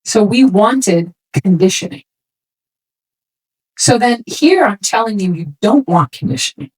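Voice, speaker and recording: A woman speaking to a room of swimming parents in a casual, animated way, acting out quoted remarks as she goes. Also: medium pitch, a little slow, husky, low-quality recording. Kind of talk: talk to a parents' session.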